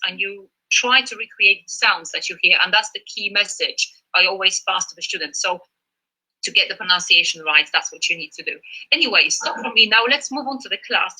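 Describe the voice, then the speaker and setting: A woman teaches a live Spanish lesson over a video call. Her voice is very bright and sits at a middle pitch. She talks in an encouraging, chatty way, with plenty of fillers. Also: rough recording. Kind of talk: live online language lesson.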